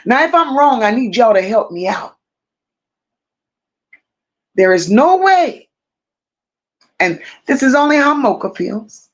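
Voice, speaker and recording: In lo-fi audio, a woman with a sing-song voice on the high side hosts a live stream, reading viewer comments aloud and responding. She speaks slowly, repeats phrases for emphasis, and talks to her viewers like close friends.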